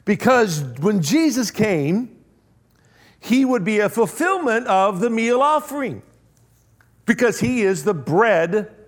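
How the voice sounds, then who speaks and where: A man preaching a sermon in a conversational way, talking straight to his listeners and firing off rhetorical questions, rushing through asides and slowing down to stress key words. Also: high voice. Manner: rhetorical questions, shifting between quick asides and slow emphasis; conversational, addresses listeners directly.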